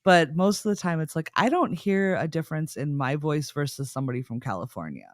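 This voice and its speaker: A woman's voice: deep voice, animated, fairly quick, no echo, studio quality. A woman from Minnesota with a Minnesota accent, co-hosting a podcast in casual, rambling chat. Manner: rambling, self-interrupting storytelling with frequent laughs. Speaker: podcast co-host.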